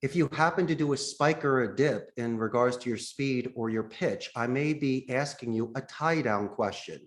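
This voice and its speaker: A man's voice: medium pitch, normal speed. A man who founded a call center, a podcast guest explaining phone sales techniques and acting out sample calls as he goes.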